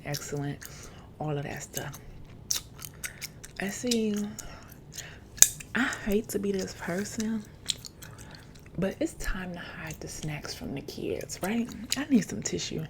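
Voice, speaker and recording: A woman chatting softly to her viewers late at night, chewing gum and rambling, sometimes dropping into a whisper. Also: on the low side, background noise. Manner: drifts into whispers at times. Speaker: ASMR creator. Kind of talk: late-night soft-spoken ASMR chat. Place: home setup, camera placed far away.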